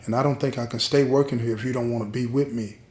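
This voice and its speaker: A man's voice: medium pitch, steady tone, quick pace, darkish tone, close to an everyday voice. A man voicing a young woman prison guard who is lovesick and begging her man for forgiveness. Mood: pleading. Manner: pleading, urgent. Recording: roomy echo.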